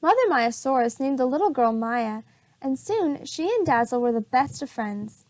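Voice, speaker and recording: A preschool teacher, a woman, reading storybooks aloud to young children in a clear, expressive way. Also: high-pitched, normal speed, no room sound, poor audio.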